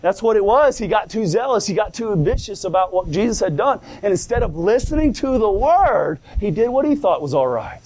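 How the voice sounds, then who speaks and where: Very animated and brisk with few pauses, a man with a high-pitched, darkish voice preaches a sermon. He reads old scripture wording, explains it colloquially, repeats and restarts, and calls out praise like "come on now" and "glory".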